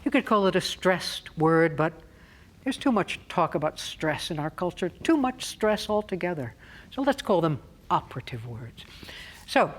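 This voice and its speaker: A woman voice coach giving a clear, deliberate spoken lesson on stressing words. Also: lowish voice.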